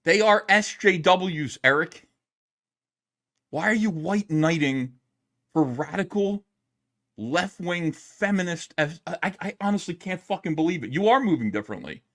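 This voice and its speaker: A man streaming his reactions to videos, yelling and swearing in an exasperated rant from home. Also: sits high, unhurried. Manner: loud, exasperated, profane yelling. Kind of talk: angry commentary rant. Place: home, downstairs.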